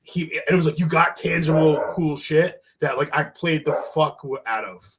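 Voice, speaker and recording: A man's voice: fairly high pitch, normal speed, a bit bright. A middle-aged man, a podcast guest, chatting casually in a rambling, profane, self-deprecating way. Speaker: podcast guest, MMA fighter.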